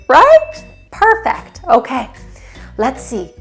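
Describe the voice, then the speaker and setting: A woman's voice: high-pitched, sing-song, measured pace, soft background music. A young woman teaching a children's yoga class, encouraging and playful, singing short chants between poses. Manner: cheerful, encouraging, sings short chants and makes animal and siren sounds.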